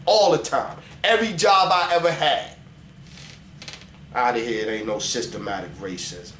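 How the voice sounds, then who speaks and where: A man speaking in a casual religious vlog. His talk is animated and profane, and he reads scripture slowly. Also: mid-range voice. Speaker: vlogger preaching scripture. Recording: roomy echo with faint ambient noise.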